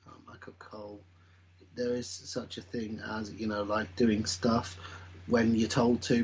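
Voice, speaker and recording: A man's voice: on the low side, flat delivery, a little slow, a little hiss or hum. A man co-hosting a casual podcast chat, making dry, sarcastic asides. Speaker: podcast co-host. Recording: dull lo-fi mic.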